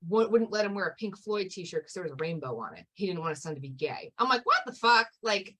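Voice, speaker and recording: A woman's voice: fairly low pitch, lively intonation, quick pace, breathy edge. A woman co-hosting a podcast, talking casually and thoughtfully, hedging and laughing often.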